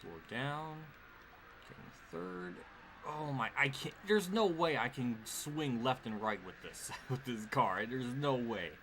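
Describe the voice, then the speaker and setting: A man's voice: mid-range voice, expressive, unhurried. Exasperated man swearing through live gameplay. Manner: exasperated, swearing, laughing at himself. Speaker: streamer. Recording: clear background noise.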